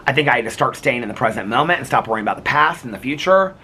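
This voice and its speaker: Animated man rambling in a vlog. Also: mid-range voice, racing, slight background noise. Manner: rambling, full of "like" and restarts. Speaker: vlogger. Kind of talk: casual reflective vlog monologue.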